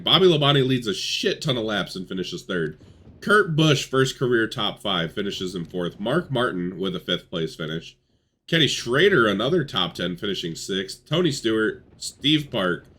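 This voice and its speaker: Excitable young man with a bright edge. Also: lowish voice. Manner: excitable, swearing, swings between hype and mumbled asides. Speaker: gaming YouTuber. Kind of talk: casual commentary on a racing simulation.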